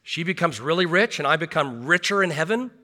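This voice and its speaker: Middle-aged male pastor delivering a sermon, high and bright, earnest with wry asides. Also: animated, a little fast. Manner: earnest, rhetorical questions, self-deprecating asides. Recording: long hall reverb.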